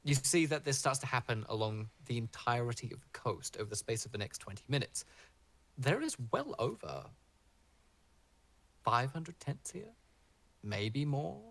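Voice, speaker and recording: A man narrating a tabletop game as dungeon master, animated and rambling with fillers. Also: mid-range voice, moderate pace.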